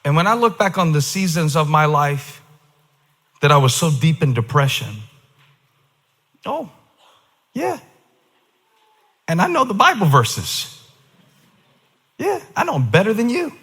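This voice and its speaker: A male pastor preaching emphatically, shifting from quiet asides to shouted declarations. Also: fairly high pitch, big pitch swings, unhurried, long pauses. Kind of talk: sermon. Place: large church auditorium. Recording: reverberant large hall.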